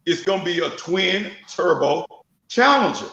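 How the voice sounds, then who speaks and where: A man's voice: sits high, unhurried, echoey room, lo-fi sound. A man, a guest drag racer telling stories with a laugh in a casual chat. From Memphis, Tennessee. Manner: animated storyteller, laughs often.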